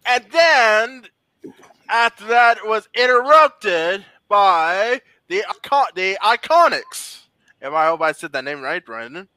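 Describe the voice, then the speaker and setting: High, bright-voiced man hosting a podcast. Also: very animated, slow pace, no echo, low-quality recording. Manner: stumbling, repeats words while recapping. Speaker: podcast host. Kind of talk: casual wrestling recap chat.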